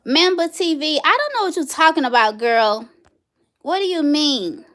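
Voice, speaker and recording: A woman in her thirties hosting a casual livestream, chatting straight to her viewers and telling stories with animated energy. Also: high-pitched, moderate pace. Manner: chatty, animated storytelling, addresses viewers directly. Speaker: livestream host.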